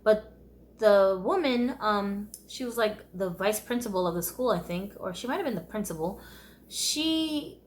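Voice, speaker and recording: A woman's voice: mid-range voice, animated, unhurried, a little hiss or hum. Candid woman telling a storytime vlog. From United States. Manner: candid, conversational, often laughing wryly. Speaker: vlogger telling her life story.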